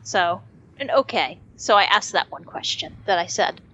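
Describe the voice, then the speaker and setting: A woman's voice: medium pitch, lively intonation, normal speed, a bit bright, muffled recording, slight background noise. Easygoing woman playing a tabletop game. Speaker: player. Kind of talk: casual tabletop play.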